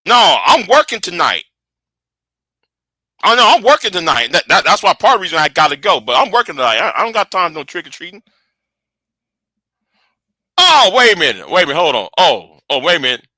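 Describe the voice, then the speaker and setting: A man's voice: high voice, big pitch swings, fairly quick, pauses often, bright, forceful tone, no echo, clean studio sound. A man in his early forties with a casual, rambling way of talking. He chats from home on a livestream, often repeating words as he answers his viewers. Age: early 40s. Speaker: channel host.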